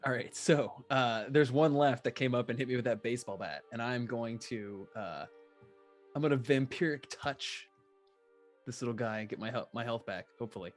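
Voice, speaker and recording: Relaxed male tabletop player. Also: medium pitch, moderate pace, soft background music. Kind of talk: casual tabletop play.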